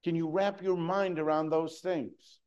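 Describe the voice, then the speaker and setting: A man preaching a sermon, earnest, moving between hushed and emphatic delivery. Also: on the high side, fairly even intonation, measured pace, smooth, highs cut off.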